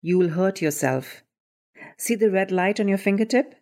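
A woman voicing a calm male doctor in a story reading, speaking in a firm, measured way. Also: medium pitch, voice pushed up, lightly acted.

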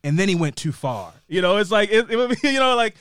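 A young adult man on a podcast, chatting casually through a TV episode with a lively, swooping voice pitched a little high. His rambling, animated storytelling is recorded close and dry. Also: quick pace, clear, resonant tone, no echo. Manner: animated, rambling storyteller who acts out scenes. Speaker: podcast co-host recapping a TV episode. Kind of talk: casual recap chat.

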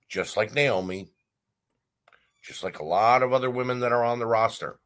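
A man's voice: medium pitch, normal speed, pauses often, fairly bright tone. A man hosting a wrestling talk show, delivering a blunt, heated opinion rant with frequent fillers and restarts. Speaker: wrestling podcast host.

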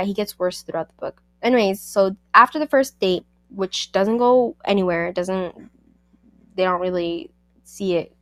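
A woman's voice: mid-range voice, normal speed, no room sound. Sassy woman reviewing a book. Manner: sassy, animated, talks back to the characters. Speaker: book review podcast host. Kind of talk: casual spoken book review.

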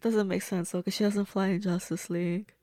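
A woman's voice: mid-range voice, flat delivery, fairly quick, mellow, dry recording, clean studio sound. A woman giving casual, blunt, reactive commentary as she watches and reviews a movie. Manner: chatty, blunt and reactive, swears freely.

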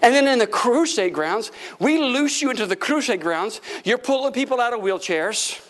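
A high-voiced male pastor preaching with a lively, swooping delivery. He laughs through his lines and hammers words over and over for effect. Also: normal speed. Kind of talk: charismatic sermon.

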